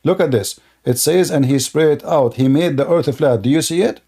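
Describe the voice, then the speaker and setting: This debate show host runs a live-streamed religious debate, speaking combatively and insultingly, cutting off callers, and often repeating and restarting his words. His voice sits a little high and is mellow and husky, with a moderate pace.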